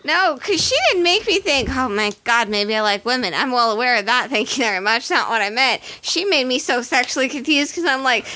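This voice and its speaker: A woman's voice: sits high, lively intonation, brisk, hardly any pauses, sharp tone. A woman in casual chat, crude and teasing, swearing freely as she jokes.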